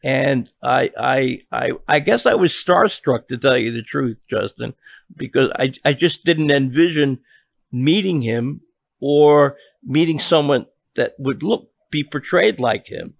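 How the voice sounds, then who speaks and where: An older man, a journalist guest on a podcast, telling a long story in a halting way with many restarts and repeated words. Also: medium pitch, animated, gravelly, no room sound, studio quality.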